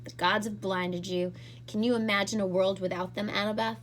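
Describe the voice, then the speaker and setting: A woman voicing a smooth, scornful teenage boy villain in a storybook reading, with a mocking, persuasive manner. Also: mid-range voice, steady tone, normal speed, a little hiss or hum, close to an everyday voice. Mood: taunting.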